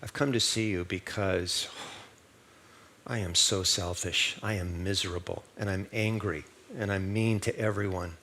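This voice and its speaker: A man's voice: low voice, fairly even intonation, measured pace, sharp tone, slight background noise, heavily acted. A male preacher voicing a miserable, selfish grown man who complains in a plaintive, self-pitying way. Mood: complaining.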